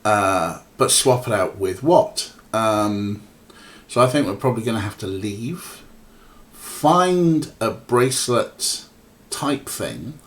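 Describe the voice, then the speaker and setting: In a slow, expressive voice on the low side, the man rambles casually through his let's-play of a point-and-click game, using lots of fillers and talking to both viewers and his cats.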